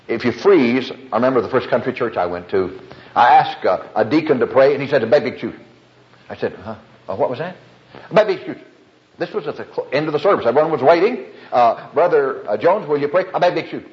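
A male pastor delivers a sermon, his voice rising and falling in a lively way. He slips into stories and acts out the people he quotes. The recording is dull and lo-fi. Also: medium pitch.

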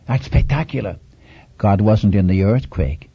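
A man's voice: lowish voice, animated, a little slow, gravelly, warm tone, husky, no room sound. A man preaching a sermon, earnest and pleading, retelling scripture dramatically and repeating his key points. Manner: dramatic retelling of scripture, rising on big images. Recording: dull lo-fi recording.

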